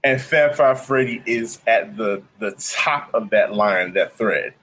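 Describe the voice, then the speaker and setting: A man's voice: on the low side, a little slow, a bit bright. Laid-back male DJ co-host. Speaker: podcast co-host, DJ. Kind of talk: casual chat.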